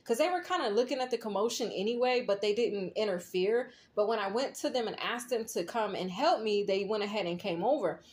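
A woman's voice: mid-range voice, fairly quick, few pauses, a little mellow. A woman in a casual tarot reading vlog, telling a dream and rambling, often checking in with "okay?" and "right?". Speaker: tarot reader.

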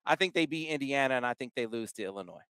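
A man co-hosting a sports podcast, chatting casually and telling stories with animated emphasis. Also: medium pitch, quick pace, clear, resonant tone, no room sound, clean studio sound. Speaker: podcast co-host.

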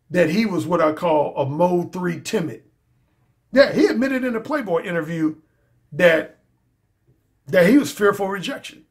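Speaking straight to camera, a male dating coach gives a casual monologue in a voice fairly high for a man. He drives his points home emphatically, repeating phrases in relaxed slang.

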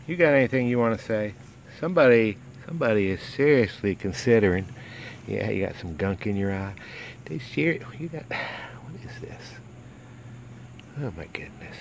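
A man's voice: low voice, slight background noise, poor audio. A man, a dog breeder, chatting casually and coaxingly to his dogs in a home video. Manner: doting, coaxing talk to his pets.

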